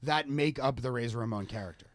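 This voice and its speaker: A man's voice: medium pitch, fast talker, dry recording, studio quality. A man co-hosting a wrestling podcast in casual chat, rambling with many fillers and restarts. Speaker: podcast co-host.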